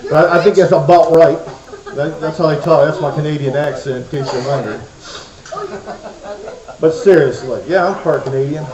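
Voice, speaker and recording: A man's voice: a little high, a little mellow. A man presenting to a children's church crowd in a playful, joking, chatty way. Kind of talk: comic talk to a kids' audience. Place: church hall before a crowd of kids. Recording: echoey hall, muffled sound.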